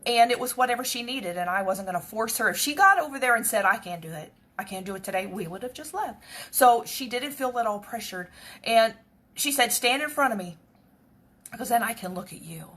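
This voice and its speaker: Breathy woman telling a personal story. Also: on the high side, lively intonation, brisk, a bit bright. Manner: earnest, conversational, retelling dialogue. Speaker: speaker sharing a personal story. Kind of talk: reflective faith-based storytelling.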